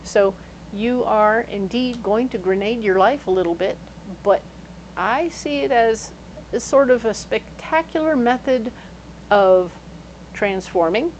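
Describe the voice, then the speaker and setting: A woman giving a casual tarot reading, animated and playful, breaking into sudden exclamations. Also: a little high, a little slow, muffled recording, a little hiss or hum. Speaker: tarot reader.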